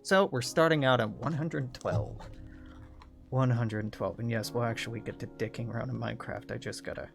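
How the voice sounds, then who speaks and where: A man's voice: medium pitch, fairly even intonation, moderate pace, creaky. A young man hosting a gaming video, chatting casually in a sardonic, profane, rambling way over background music. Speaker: gaming channel host.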